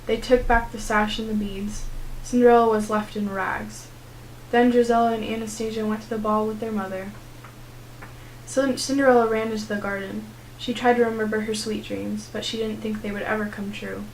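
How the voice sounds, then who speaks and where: A teenage young woman reading a children's storybook aloud in a steady, clear narrating voice. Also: medium pitch, moderate pace, a little hiss or hum, rough recording. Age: teens. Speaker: student reader.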